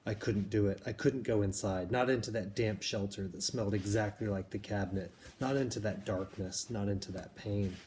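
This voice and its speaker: A man with a fairly low voice reads a novel aloud, steady and measured, now and then stepping out to explain things plainly. A faint background noise sits under his voice. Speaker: reader.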